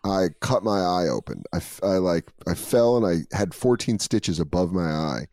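A man's voice: deep voice, expressive, darkish tone, dry recording, clean studio sound. Swearing storytelling comedian guy. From Colorado. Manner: loose storytelling, swearing, quick to laugh. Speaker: comedian guest. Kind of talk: casual podcast chat.

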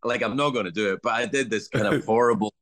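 A man's voice: fairly low pitch, quick pace. A middle-aged Scottish man, a comedian, telling stories in casual podcast chat and acting out voices as he goes. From Scotland. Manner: animated, swearing storyteller acting out voices. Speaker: guest comedian.

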